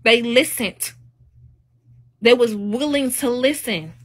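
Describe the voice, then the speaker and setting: A woman's voice: fairly high pitch, slow pace. A woman hosting a live stream, talking in a casual, opinionated monologue that is emphatic and preachy, with rising exclamations.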